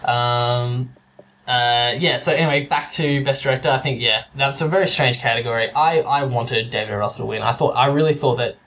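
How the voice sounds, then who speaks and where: A man's voice: mid-range voice, a little fast, fairly bright tone. A man chatting casually about films, rambling with lots of fillers and restarts. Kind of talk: casual chat.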